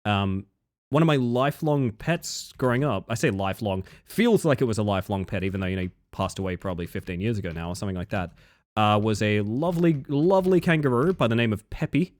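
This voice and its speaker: A man's voice: fairly low pitch, fast, no room sound. A young Australian man streaming live, rambling and joking with his chat and swearing freely.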